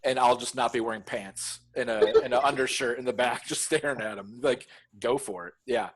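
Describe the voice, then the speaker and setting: A man's voice: mid-range voice, fairly quick, poor audio. A man co-hosting a casual chat, joking and laughing often. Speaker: pastor, podcast co-host.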